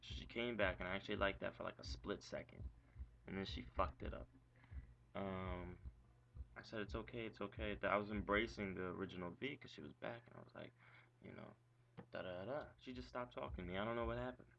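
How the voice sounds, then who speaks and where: Young male vlogger, low raspy-fried voice, rambling profane vent; muffled lo-fi mic, light background hiss. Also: steady tone, fairly quick, a bit bright. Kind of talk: casual venting monologue. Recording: dull lo-fi recording with faint hiss.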